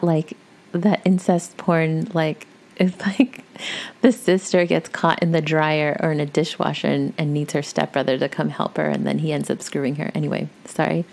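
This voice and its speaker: A woman's voice: low voice, moderate pace, gravelly, warm tone. A woman reading a story aloud in a chatty, conversational way, with casual asides to her listeners. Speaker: story reader.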